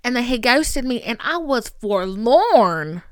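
A young woman hosting a solo podcast, talking candidly in an animated, profane, playfully dramatic way. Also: fairly high pitch, slow pace, dry recording, studio quality. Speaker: podcast host.

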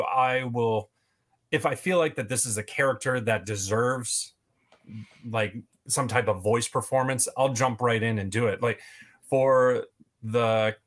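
Male guest, mid pitch, talks at length, loose and filler-heavy. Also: fairly bright tone. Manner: long rambling answers with many fillers. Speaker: podcast guest, toy video creator. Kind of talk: casual interview chat.

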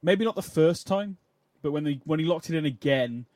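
A man co-hosting a wrestling podcast, talking casually and quickly, hedging often as he makes his points. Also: a little high, expressive, a little mellow, no echo. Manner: quick, conversational, hedging with "I mean". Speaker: podcast co-host.

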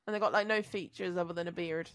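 A woman's voice: on the low side, fairly even intonation, fast talker, no room sound, studio quality. A woman chatting on a podcast, chatty and teasing. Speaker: podcast co-host. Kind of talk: casual chat.

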